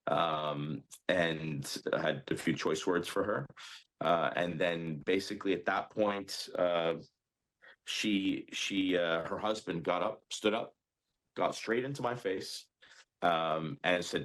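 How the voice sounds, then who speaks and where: A man telling what happened in an interview, hesitant, with many pauses and ums. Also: sits low, fairly even intonation, a bit bright. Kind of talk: recounting an incident in an interview.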